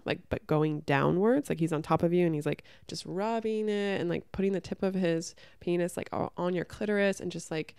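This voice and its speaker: A young adult woman hosting a podcast, talking candidly and bluntly. She swears freely, says "like" constantly, and tells stories with lively acted-out reactions. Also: lowish voice, vocal fry, smooth, no echo, clean studio sound. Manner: animated storytelling, acts out her own reactions. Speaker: podcast host. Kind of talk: candid casual chat.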